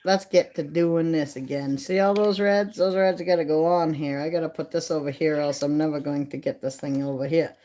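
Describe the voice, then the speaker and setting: A middle-aged woman hosts a casual livestream from home, holding her phone by a bedroom window, chatting and laughing at her own stories. Her voice is deep and dark with a steady tone, running at a moderate pace with hardly any pauses.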